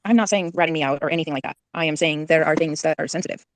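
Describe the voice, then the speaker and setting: A woman's voice: low voice, rapid-fire. A woman, a mother, arguing and pleading emotionally in a group audio chat, repeating herself. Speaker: mother of a missing child. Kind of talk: heated audio-chat argument.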